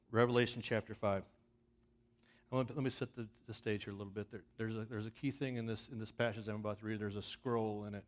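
A man, a missions pastor, speaking to his church in a sermon, moving from easy asides to fervent, emphatic passages. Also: lowish voice. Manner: earnest, builds to loud emphatic scripture reading; conversational with restarts and asides.

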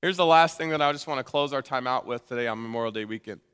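A man preaching a sermon to his congregation in a casual, energetic way, often restarting his sentences. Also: mid-range voice, fast, smooth. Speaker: pastor. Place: church sanctuary. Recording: long hall reverb.

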